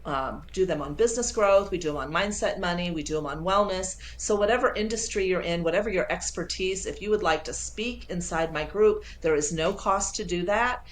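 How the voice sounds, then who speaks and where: A woman sales coach being interviewed over a video call, talking with lively enthusiasm and acting out quoted dialogue. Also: on the low side. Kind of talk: casual interview.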